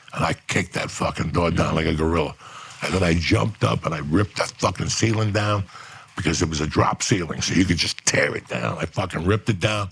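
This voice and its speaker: A middle-aged man telling a long story on a podcast, profane and animated, acting out the voices of people in it. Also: deep voice. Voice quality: gravelly, husky.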